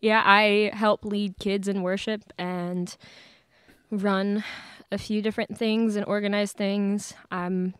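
A woman's voice: medium pitch, flat delivery, slow pace, clear, resonant tone, dry recording. A woman in her late teens, a podcast guest, chatting casually with lots of fillers and laughs. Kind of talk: casual chat. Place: church studio.

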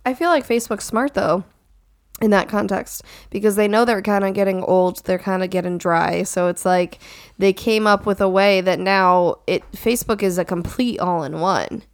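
A woman's voice: medium pitch, steady tone, moderate pace, no room sound, studio quality. A woman in casual conversation, musing and talking ideas through. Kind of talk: casual chat.

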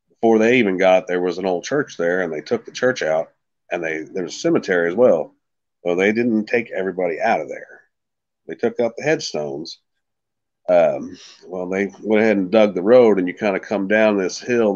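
A man's voice: low voice, a little mellow, dull audio. A man guesting on a podcast, telling a story in a rambling, folksy way and often saying "like I said". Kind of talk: casual storytelling.

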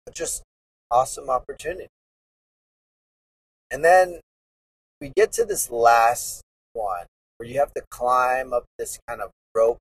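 A man's voice: medium pitch, big pitch swings, unhurried, creaky, long pauses, no room sound, far from the mic, low-quality recording. A man in his thirties hosting a podcast, talking earnestly and rambling in a casual, reflective monologue. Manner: earnest, rambling, with many restarts. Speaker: podcast host.

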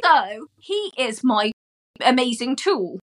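A woman's voice: a little high, very animated, slow. A woman guesting on a podcast, telling stories in a chatty way and laughing as she talks. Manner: chatty storyteller, laughs while talking. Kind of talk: casual chat.

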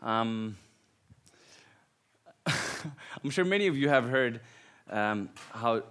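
A man's voice: mid-range voice, drawn-out words, smooth. Finnish-accented man preaching, laughing often. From Finland. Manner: laughs often, animated and self-deprecating. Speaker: guest preacher. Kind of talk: sermon with personal stories.

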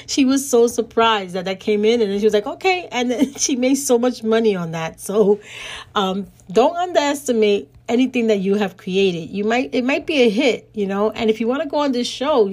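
A woman's voice: fairly high pitch, lively intonation, moderate pace, a little mellow. A middle-aged woman hosting a podcast, telling a personal story in a casual, indignant way and laughing often. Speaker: podcast host.

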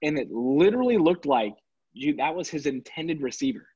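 A man ranting casually and sarcastically about his football team, exasperated and animated. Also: a little high, normal speed, slightly rough. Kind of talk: casual sports rant. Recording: dull lo-fi recording.

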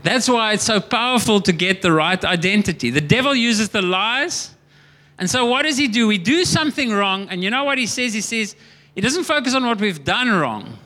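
A man's voice: high voice, expressive, moderate pace, bright, forceful tone. A man preaching a sermon as pastor, earnest and emphatic, often repeating and restarting words.

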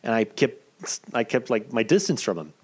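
A man in his thirties telling a story casually, swearing a lot and jumping up and down in pitch. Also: slightly rough. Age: 30s. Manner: profane, animated, quick swings in pitch. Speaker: wrestling cameraman telling a story.

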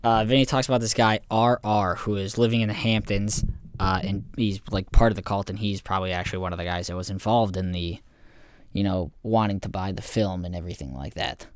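A man's voice: sits low, steady tone, a little fast, smooth, dry recording. A man co-hosting a podcast, casually recapping a documentary in a rambling way, swearing and laughing often. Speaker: podcast co-host.

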